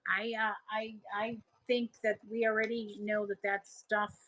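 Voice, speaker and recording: This middle-aged host with a Buffalo, New York accent runs a casual selling livestream, reading viewer comments aloud and replying chattily while rambling, trailing off, and restarting sentences. Her medium-pitched voice is a bit bright yet flat in delivery, at a measured pace, in a low-quality recording.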